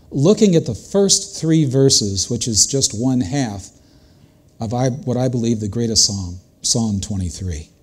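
A man's voice: medium pitch, darkish tone. An older man preaching a sermon as a pastor, earnest and conversational, speaking directly to his congregation.

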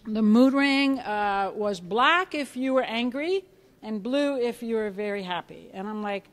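A middle-aged woman clinician in biofeedback presents an unhurried but lively hands-on workshop, her voice fairly high, to a live conference-room audience. She engages them with questions and animatedly acts out reactions.

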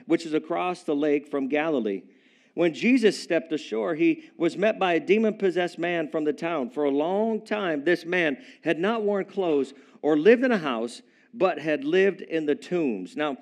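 Male preacher with a slightly high voice, playful storyteller, jokes with the congregation. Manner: playful, animated, chuckling asides to the congregation. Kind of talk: humorous storytelling sermon. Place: church service with a live congregation.

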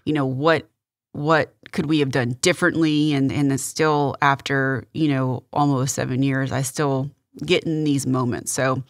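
A middle-aged woman, a guest on a faith interview show, telling a personal story in a halting, earnest way with many restarts. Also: a bass voice, steady tone, no room sound, studio quality.

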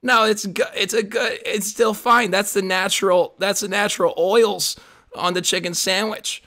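A man's voice: sits high, steady tone, moderate pace, bright, forceful tone, voice pushed up. A man imitating his laid-back surfer-bro friend, who drawls and sounds slightly out of breath. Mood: reassuring.

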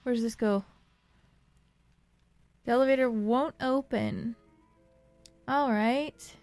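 Bubbly, excitable young woman playing a game. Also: fairly high pitch, slow, long pauses, no echo, faint music behind. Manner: bubbly, excitable, laughs often. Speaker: let's play host. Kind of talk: casual game commentary.

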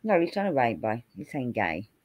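Lively woman streamer. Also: extremely low pitch, brisk. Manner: teasing, exasperated, laughs often. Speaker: streamer host. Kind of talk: casual stream chat.

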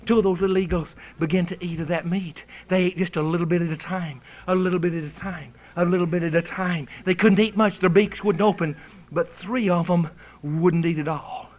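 A male preacher delivers a revival sermon, fervent and swinging from hushed storytelling to shouted exhortation. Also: high voice, fairly even intonation, a little fast, hardly any pauses, lo-fi sound.

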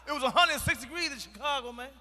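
A man doing a stand-up routine on a large arena stage, loud, profane and emphatic, with bursts of shouting. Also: extremely high pitch, fast talker, big-room sound. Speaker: stand-up comedian.

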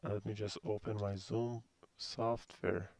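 A man's voice: lowish voice, level tone, measured pace, gravelly, a little mellow, no room sound. A man in his thirties from Iran with a Persian accent, a university instructor giving a recorded course introduction, hesitant and full of fillers.

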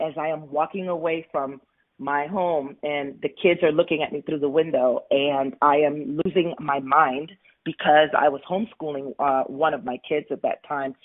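A woman's voice: deep voice, moderate pace. A woman guest on a radio interview, telling her personal story candidly and emphatically, with tumbling restarts, over a phone line. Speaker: guest, money coach.

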